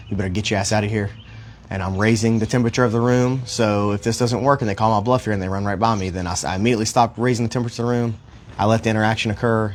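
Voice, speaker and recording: A man's voice: lowish voice, slight background noise. A man working as a dog trainer, talking casually and rambling a little in a park, with mild cursing. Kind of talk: casual livestream explanation. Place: outdoor park.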